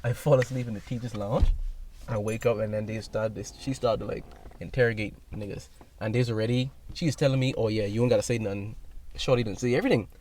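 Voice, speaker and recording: A young man telling a rambling, animated story in casual podcast chat, acting out other people's voices as he goes. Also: mid-range voice, fast talker. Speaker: podcast guest. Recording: distant mic with faint noise.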